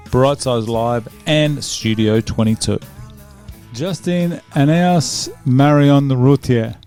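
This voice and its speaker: A man's voice: mid-range voice, darkish tone. An Australian man hosting a casual interview, chatty and joking in an easygoing way. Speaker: podcast host.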